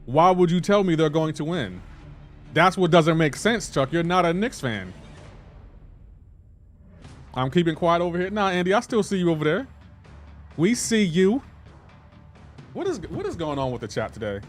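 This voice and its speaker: A man's voice: a little high, big pitch swings, normal speed, long pauses, faint music behind. A man streaming a game live, chatting casually and playfully indignant as he banters with his chat.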